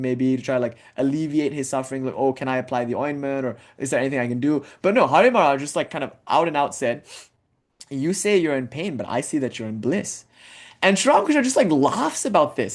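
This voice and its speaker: Casual and talkative, a young man with a mid-range voice lectures on spiritual matters. His speech is full of "like" fillers and side comments, punctuated now and then by chanted Sanskrit verses.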